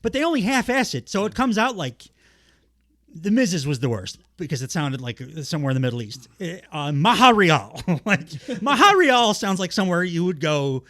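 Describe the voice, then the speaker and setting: A man co-hosting a podcast in casual chat, animated and laughing often, swearing freely. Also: high voice, fairly quick, no echo. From United States. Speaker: podcast co-host.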